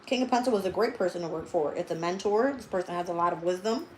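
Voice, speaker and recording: A woman's voice: on the low side, quick pace, a little mellow, echoey room, slight background noise, low-quality recording. A woman giving a livestream tarot reading. She talks straight to her viewers, blunt and heavily profane, and thinks aloud as she turns the cards. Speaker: tarot reader.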